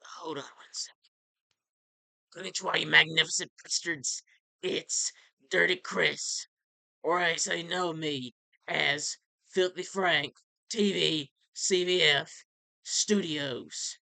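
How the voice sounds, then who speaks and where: A man in his late twenties doing a profane, erratic comedy vlog in the style of a well-known internet character, with shouting bursts. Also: fairly high pitch, steady tone, slow, creaky, dry recording. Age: 20s. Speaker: amateur comedy YouTuber. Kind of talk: crude ranting comedy vlog.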